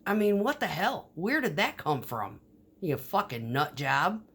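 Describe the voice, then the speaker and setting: Husky profane woman rambling casually. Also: on the low side, big pitch swings, a little slow, a bit bright. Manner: profane, storytelling, frequent fillers and restarts. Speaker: vlogger.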